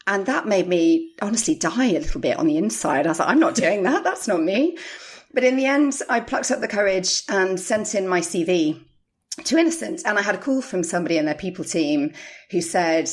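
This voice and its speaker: A middle-aged woman, a podcast guest, candidly telling her career story with animated quoted voices. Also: fairly low pitch, fairly quick. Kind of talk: interview storytelling.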